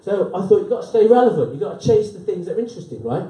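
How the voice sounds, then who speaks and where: High-voiced chatty man in his fifties. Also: sing-song, rapid-fire, mellow, far from the mic, dull audio. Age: 50s. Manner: chatty, keeps tagging "right?" onto lines. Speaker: event host and speaker. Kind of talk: humorous live talk to an audience. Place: event room with an audience. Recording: roomy, voice from off the mic.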